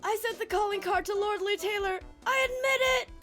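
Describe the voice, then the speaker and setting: A woman voicing a manic man in a game who shouts eagerly and excitedly. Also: extremely high pitch, fairly quick, faint music behind, pitched above the performer's own voice. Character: manic adult man gleefully confessing guilt.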